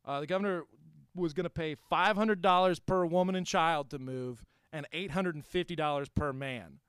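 Smooth-voiced man rambling through history. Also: fairly high pitch, moderate pace, fairly bright tone, no echo, clean studio sound. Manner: rambling with many fillers and restarts. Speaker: podcast co-host telling the history. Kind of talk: casual comedic chat. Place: Houston.

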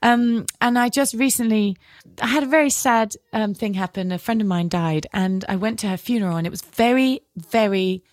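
A woman's voice: medium pitch, normal speed, no echo, clean studio sound. A woman with a British accent hosting a podcast, chatting in a loose, personal, rambling way. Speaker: podcast host. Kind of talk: casual interview chat.

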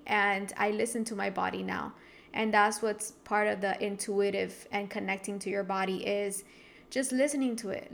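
A young woman telling a personal story in a casual, confessional way, rambling and restarting her sentences often. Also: medium pitch. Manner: open, confessional.

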